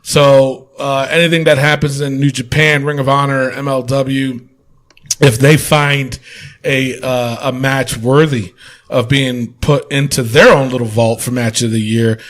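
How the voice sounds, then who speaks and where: A man's voice: medium pitch, little pitch movement, a little slow. A man hosting a casual wrestling podcast, joking around, laughing often and swearing casually. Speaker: podcast host.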